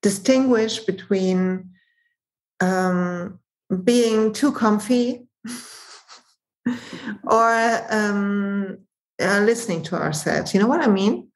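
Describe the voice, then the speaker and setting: Slow, hesitant German-accented woman. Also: mid-range voice, low-quality recording. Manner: hesitant, many ums, rephrases her questions. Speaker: podcast host. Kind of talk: casual podcast interview.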